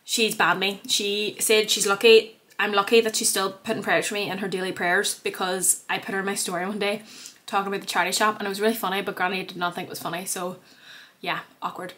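A woman's voice: medium pitch, flat delivery, quick pace, fairly bright tone. Young girl rambling at her phone in her bedroom, cheeky and self-mocking. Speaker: vlogger. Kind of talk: casual vlog chat to camera. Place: bedroom at home.

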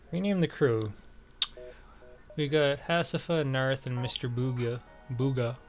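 A man's voice: medium pitch, takes it slowly. A man giving casual let's play commentary, thinking aloud with many fillers and self-deprecating jokes. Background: faint game music.

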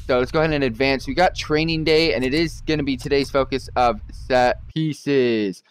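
A young man streaming a football video game live, chatting to viewers, swearing and yelling at misses. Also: mid-range voice, moderate pace, clear, resonant tone. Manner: excitable, swears and yells at misses. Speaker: gaming streamer.

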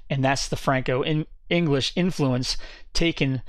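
Man teaching a relaxed Bible study. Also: mid-range voice, slow pace, no echo. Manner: explanatory, conversational, with restarts and self-corrections.

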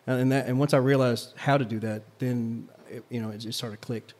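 A man talks quickly in a mid-range voice, rambling through a story with plenty of fillers. He is a teacher co-hosting a podcast, recorded live at a coffee shop. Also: medium pitch, steady tone, a little mellow. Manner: rambling, filler-heavy, "like" and "right?" asides. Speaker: history teacher and podcast co-host. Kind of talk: casual storytelling chat.

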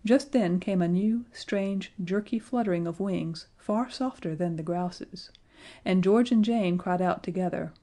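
Woman audiobook narrator, mellow and lowish, measured storybook reading. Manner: measured, gently expressive.

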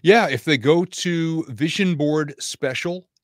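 A middle-aged man telling stories as a podcast guest, animated and self-deprecating. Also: on the high side, takes it slowly, dry recording, studio quality. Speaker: guest speaker. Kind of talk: casual interview storytelling.

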